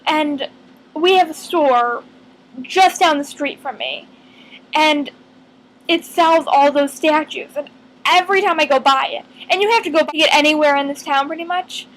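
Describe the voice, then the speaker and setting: A woman vlogging in casual fan chat to camera, earnest and rambling, thinking aloud with lots of pauses. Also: sits high, fairly bright tone, poor audio.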